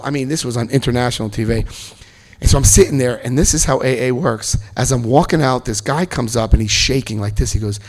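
Middle-aged man, storyteller at a talk; animated, acts out quotes, spikes into loud excitement. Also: medium pitch, fast. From New Jersey, US. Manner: animated storyteller acting out other people's lines, bursts of loud excitement. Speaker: speaker telling his recovery story. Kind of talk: personal storytelling speech.

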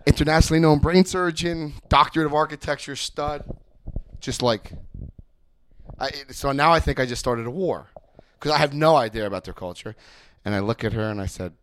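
Animated man telling a recovery story. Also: fairly high pitch, normal speed, pauses often. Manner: animated storytelling, repeats phrases for emphasis. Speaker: recovery group speaker. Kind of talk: personal testimony and step study talk.

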